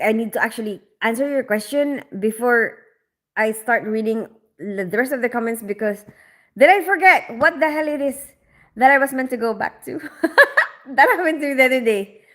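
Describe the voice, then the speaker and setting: Woman chatting on a livestream, kinda high voice, rambly, laughs a lot. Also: fairly bright tone. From Philippines. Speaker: livestream host. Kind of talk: casual livestream chat, reading comments aloud.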